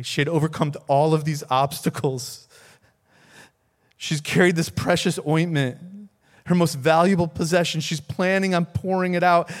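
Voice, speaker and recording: A man, a pastor, preaching a sermon, telling a story earnestly with repeated words and rising emphasis. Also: fairly high pitch.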